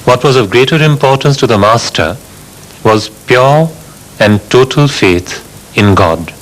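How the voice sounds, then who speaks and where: A man narrates a documentary in a measured, reverent tone. His voice sits at an ordinary middle pitch. Faint sitar music plays softly underneath. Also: lively intonation, poor audio. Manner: slow, measured, reverent reading.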